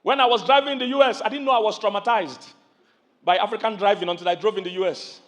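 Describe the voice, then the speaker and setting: A middle-aged Nigerian man preaching a sermon, telling lively stories, asking the audience questions and acting out loud voices. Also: sits high, fast. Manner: animated storytelling, calls questions to the audience, acts out loud yelling voices. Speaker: pastor.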